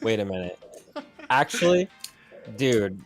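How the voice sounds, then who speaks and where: A man playing in a tabletop game, excitable, stammering and swearing as he chats. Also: fairly low pitch, unhurried, over music. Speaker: player. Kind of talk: casual tabletop game chat.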